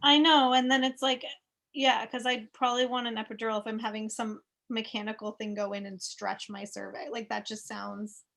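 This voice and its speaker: Candid expectant mother, higher voice with vocal fry, speaks bluntly and swears. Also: flat delivery, normal speed, fairly bright tone. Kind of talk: casual conversation.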